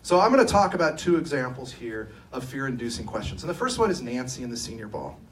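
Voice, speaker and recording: A man's voice: mid-range voice, quick pace, a little hiss or hum. Self-deprecating middle-aged man, distant mic. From Sacramento, California. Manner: self-deprecating, humorous, lively storyteller. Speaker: company co-owner and engineer giving a talk. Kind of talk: conference talk with personal storytelling. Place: event room at a live talk. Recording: distant mic, faint room ambience.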